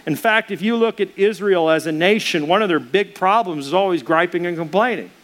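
A man with a notably high-pitched voice delivers a sermon as pastor. He talks straight to the congregation, earnest and emphatic, and stacks repeated phrases to press each point home. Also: a little fast, fairly bright tone. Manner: earnest, emphatic, addresses listeners directly; drives points home by repetition.

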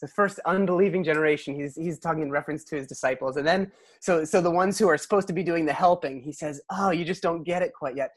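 Middle-aged male pastor, relaxed storytelling sermon, dry close sound, gentle humor. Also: a little high, fast, dry recording. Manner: conversational storytelling, self-deprecating humor.

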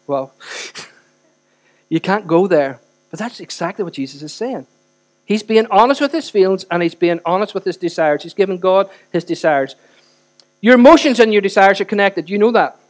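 A pastor with a fairly high voice preaches in a church, talking to the congregation in a conversational way and asking them direct questions. He swings from loud, pressing stretches to hushed ones. A low mains hum runs under the recording. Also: lively intonation, brisk. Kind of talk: sermon.

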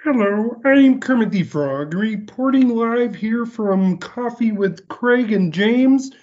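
A man's voice: high-pitched, lively intonation, slow pace, a little mellow. A cheerful male frog puppet chatters like an eager reporter in a reedy, folksy voice. The audio is a bit dull and muffled. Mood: chipper.

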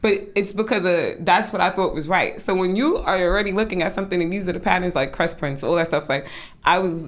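Young adult woman, fashion designer, loose slangy chat, slightly low voice. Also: fast. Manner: laid-back, slangy, animated when telling stories. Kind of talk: casual chat.

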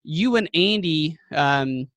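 A man hosts a casual podcast, his voice a touch high and recorded dry and close. He asks long, friendly questions that ramble a little. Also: expressive, slow pace, fairly bright tone, no echo. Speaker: podcast host. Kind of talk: casual interview chat.

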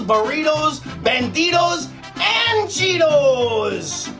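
A performer voicing a sleazy pitchman hawking prison escape gear in a mock TV infomercial, with brash hard-sell patter. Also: very animated, extremely slow, loud music behind the voice, full character voice.

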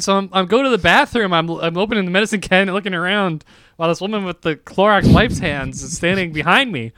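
A man's voice: high-pitched, quick pace, no room sound, studio quality. A young man telling a story in casual chat, acting out what people said. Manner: animated storyteller acting out quoted lines.

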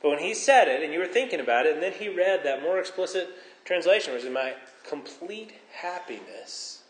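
Middle-aged male pastor, animated sermon, higher voice with wide swings, roomy church sound. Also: brisk. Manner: animated, joking, rhetorical questions. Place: church hall. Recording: echoey church hall.

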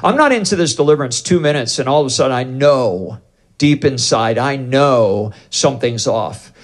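A man's voice: medium pitch, moderate pace. A man preaching, telling a story from his ministry and acting out both sides of the conversations. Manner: animated, acts out both sides of dialogues. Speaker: pastor leading deliverance ministry. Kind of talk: sermon storytelling.

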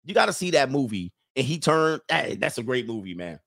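A man's voice: mid-range voice, big pitch swings, a little fast, vocal fry, a bit bright. Dude doing a loose rambly livestream, reads comments, keeps chuckling and losing his thread, normal mid voice. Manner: rambling, chuckling, loses his train of thought. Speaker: livestream host reading viewer comments. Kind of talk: casual livestream chat.

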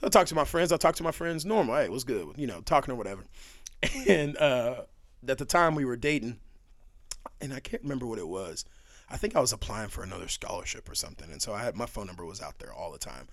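Young male guest, animated chatty storyteller, mid-range voice, close dry recording. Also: medium pitch, fast talker, no echo. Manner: animated, laughing storyteller with many fillers. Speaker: podcast guest. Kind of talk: casual storytelling chat.

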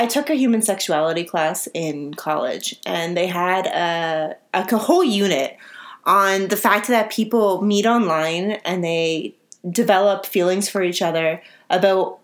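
A young woman co-hosting a casual podcast who laughs often and talks animatedly. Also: fairly low pitch. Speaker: podcast co-host.

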